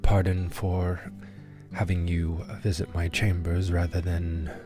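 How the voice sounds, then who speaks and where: A frail old king with a deep, low voice, weakened by illness yet keeping a thread of authority, as a man puts him on. He speaks slowly and formally, like a tabletop game ruler granting an audience. Faint guitar music plays behind. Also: level tone. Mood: weak, formal. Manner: weak voice with authority underneath. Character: old ailing male king, weak but authoritative.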